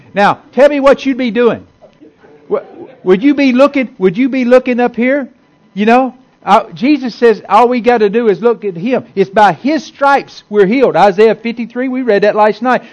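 A man preaching a sermon to a congregation in a folksy, conversational way, repeating himself and restarting often. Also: high voice. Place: church hall with a congregation.

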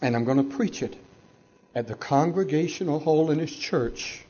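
A middle-aged pastor from Georgia telling his own story in a sermon, with dramatic pauses and soft asides. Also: fairly high pitch, husky, muffled recording. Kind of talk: sermon testimony.

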